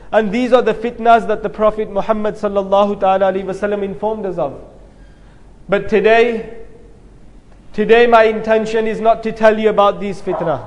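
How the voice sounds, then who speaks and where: A man preaching a sermon, telling a story with rising emphasis. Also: high-pitched. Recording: long hall reverb.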